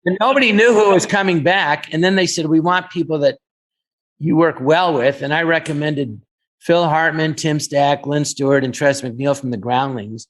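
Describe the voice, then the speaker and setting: A man's voice: on the high side, moderate pace. A man telling a long anecdote in casual chat as a guest comedian. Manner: anecdotal, acts out quoted voices.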